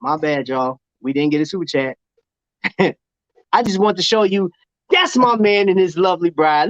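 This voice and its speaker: A man with a high voice hosts a casual livestream chat, slangy and animated, laughing often. The sound is dull and lo-fi, and dry with no room echo. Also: normal speed, long pauses. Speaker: show host.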